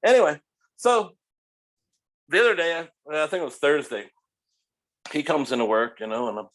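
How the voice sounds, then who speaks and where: A middle-aged man telling restaurant stories as a podcast guest, animated, profane and laughing as he goes. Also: fairly high pitch, normal speed. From United States. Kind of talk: casual storytelling.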